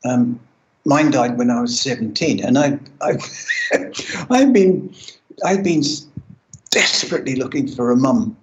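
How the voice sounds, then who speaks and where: An older man, telling his own story in a halting, reflective way, with restarts. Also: mid-range voice, animated, highs cut off, a little hiss or hum. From Australia. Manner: halting, with frequent restarts and soft laughs. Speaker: interviewee sharing lived experience. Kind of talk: reflective personal account.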